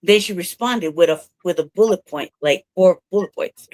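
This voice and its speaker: A woman's voice: fairly low pitch, moderate pace, a little mellow, no echo. A woman co-hosting a casual talk show from her own room, telling stories in a profane, laughing way. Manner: profane storyteller, laughs often. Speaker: co-host of a news talk show. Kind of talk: casual chat.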